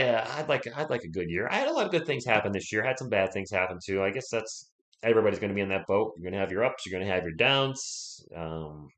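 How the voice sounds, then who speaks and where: A man's voice: lowish voice, a bit bright. Chatty man hosting a sports stream. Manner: chatty, rambling, greets chat viewers by name. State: voice recovering from illness. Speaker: sports livestream host. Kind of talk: casual livestream chat.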